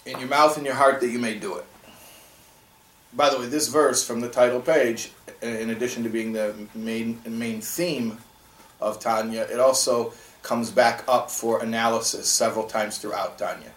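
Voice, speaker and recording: A man's voice: mid-range voice, fairly even intonation, normal speed, reverberant, recorded from a distance, rough recording. A man teaching a classroom lesson on a religious text, talking conversationally and asking his students rhetorical questions.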